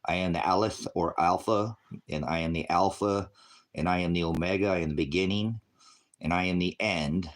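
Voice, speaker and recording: A man's voice: sits low, normal speed. A man speaking in a rambling, meandering monologue, jumping from topic to topic while at home. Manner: meandering, jumps between topics. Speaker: religious livestreamer. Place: at home with a puppy.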